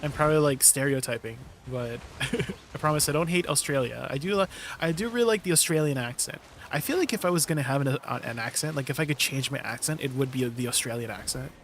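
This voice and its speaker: Easygoing guy streamer talking to chat, mid pitch, laughs a lot. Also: fast, a little hiss or hum. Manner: laid-back, chatty, laughs often. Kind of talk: casual livestream chat with viewers.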